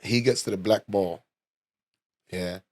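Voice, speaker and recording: London podcast host, young man, casual profane storyteller, low voice, dry close mic. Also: steady tone, slow, a little mellow, dry recording. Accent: London English. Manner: loose and swearing, full of "like" and "you know".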